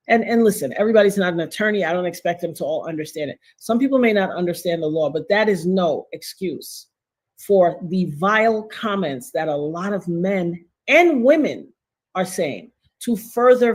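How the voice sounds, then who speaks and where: A middle-aged woman hosting a livestream, talking straight to her viewers in an animated, emphatic way, with slang and repeated phrases. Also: on the low side. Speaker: livestream host. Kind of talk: casual livestream commentary.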